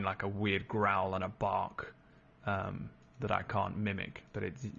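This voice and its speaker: A man's voice: fairly low pitch, gravelly, a bit bright, breathy edge. A man running a tabletop game as game master, narrating with hesitant fillers. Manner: hesitant, fillers while describing. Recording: dull lo-fi sound.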